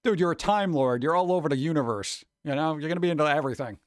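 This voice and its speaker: Man, casual stream chat, rambling and humming, slightly high voice, dry close sound. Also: quick pace, no echo. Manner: rambling, chatty, hums and scats to himself. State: thirsty, sore throat. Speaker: streamer chatting with viewers.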